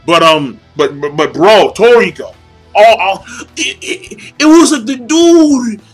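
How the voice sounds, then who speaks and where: A young man gushing about a comic chapter in a casual video review, excitable and full of swearing and slang. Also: sits high, slow pace, soft background music, rough recording. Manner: hyped, profane, slangy fanboy gushing.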